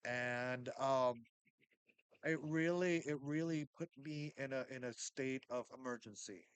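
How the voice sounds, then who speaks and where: A man vlogging about spirituality and hardship, rambling and restarting often, swinging between loud bursts and hushed asides. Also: medium pitch, unhurried, smooth, dry recording, poor audio. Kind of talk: casual spiritual talk to camera.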